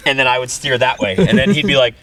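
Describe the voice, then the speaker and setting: A man's voice: mid-range voice, sharp tone, a little hiss or hum. A man, telling a story in a casual talk show and laughing as he goes. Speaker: podcast host.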